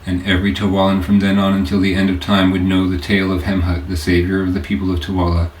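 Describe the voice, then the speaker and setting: Man, audiobook narrator, very low voice, roomy echo, faint background hiss. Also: quick pace. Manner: steady storytelling read. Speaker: author and narrator. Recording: echoey room, faint hiss.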